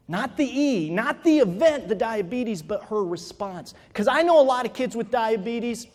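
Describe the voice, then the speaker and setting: Before an audience in a reverberant hall, a man with a very high voice gives an animated motivational keynote at a moderate pace with few pauses. He relates a personal experience, then escalates into emphatic exhortation.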